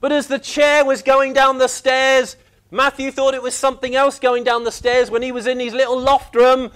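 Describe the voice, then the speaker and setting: A man preaching a sermon, telling the story with lively, acted-out reactions. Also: very high voice, normal speed, smooth. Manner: animated storytelling, acting out reactions.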